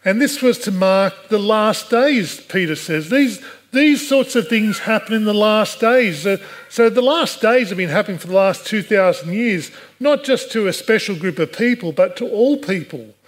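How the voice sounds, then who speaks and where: High-voiced man preaching. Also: animated, moderate pace. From Australia. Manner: earnest preaching, rhetorical questions. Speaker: pastor. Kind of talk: sermon.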